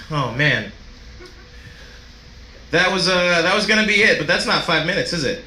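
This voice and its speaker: A man performing a stand-up set in a comedy club, with a low-key, deadpan delivery. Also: normal speed, pauses often, roomy sound, a little hiss or hum.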